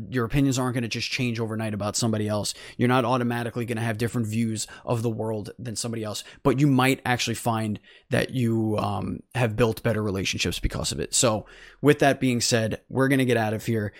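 An earnest man hosts a podcast and wraps up the episode, circling back on his words with plenty of fillers. His voice sits in a middle pitch. The sound is dry and close, with no room echo. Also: steady tone, brisk. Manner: earnest, rambling with restarts and fillers. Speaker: podcast host. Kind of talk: casual sign-off chat.

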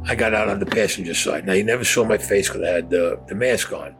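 A man's voice: on the low side, quick pace, over music. An older man telling a crime story in a blunt, profane, matter-of-fact way.

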